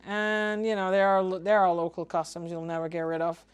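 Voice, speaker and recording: A woman from Trinidad and Tobago, a ham radio vlogger, explaining things in an opinionated, casual way and spelling out call signs slowly. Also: on the low side, completely flat delivery, clear, resonant tone. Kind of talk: casual explanatory talk to camera.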